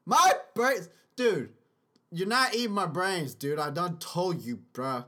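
A man with a high, expressive, pushed and bright voice hosts a casual solo podcast, speaking at a slow pace. Into his podcast mic, he rambles profanely and slips into sing-song freestyle rap.

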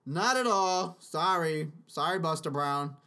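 A man's voice: on the high side, lively intonation, a little slow, sharp tone, clean tone. A man hosting a casual solo podcast, rambling profanely and slipping into sing-song freestyle rap into a podcast mic. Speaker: podcast host.

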